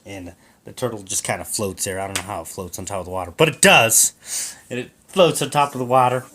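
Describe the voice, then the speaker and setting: A man improvising a comic story, jumpy and animated, tripping over his words. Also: on the low side, fast, slight background noise. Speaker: co-host storyteller.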